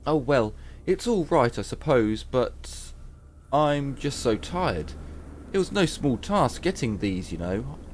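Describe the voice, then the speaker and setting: A man's voice: medium pitch, very animated, takes it slowly, slight background noise. A man voicing a boastful young wanderer in a game who brags and haggles in a hammy way.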